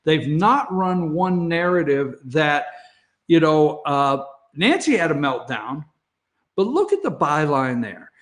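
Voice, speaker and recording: A man's voice: a little high, very animated, slow. A man hosting an opinionated morning talk show from an office, blunt and sarcastic, chuckling between self-mocking asides to the camera. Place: office studio. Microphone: facing a camera.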